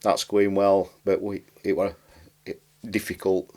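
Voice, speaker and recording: A man's voice: low voice, little pitch movement, unhurried, dark tone. A man with a Barnsley accent, chatting as a podcast guest in a rambling way, with broad dialect and dropped words. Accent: Barnsley, South Yorkshire. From Barnsley, England. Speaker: podcast guest, writer and comedian. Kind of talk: casual interview chat.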